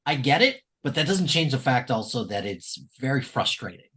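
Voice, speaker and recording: A man's voice: mid-range voice, big pitch swings, moderate pace, fairly bright tone. Brief: middle-aged man co-hosting a podcast, casual recapper, loose and talkative. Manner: chatty, recounts the plot with frequent fillers. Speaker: podcast co-host.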